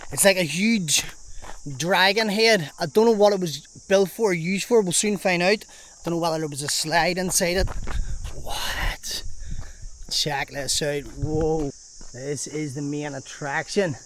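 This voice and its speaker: A man with a slightly high voice walks outdoors through an abandoned park and chats to the camera as he goes. He swears casually, wonders aloud and breaks into exclamations. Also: fairly bright tone. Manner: chatty, swears freely, thinks aloud with exclamations. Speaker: travel vlogger. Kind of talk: casual walking vlog commentary.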